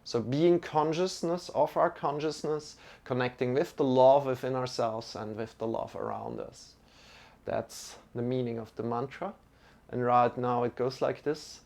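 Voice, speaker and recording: A man teaching a beginner yoga and meditation lesson as a live stream, talking in a relaxed, chatty way with many fillers. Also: medium pitch, gravelly. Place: home room.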